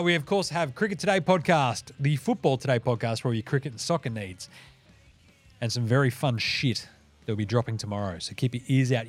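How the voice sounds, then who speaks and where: A man with an Australian accent hosting a sports podcast, giving casual betting picks in a brash, swearing, animated way into a close mic. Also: a little high, no room sound.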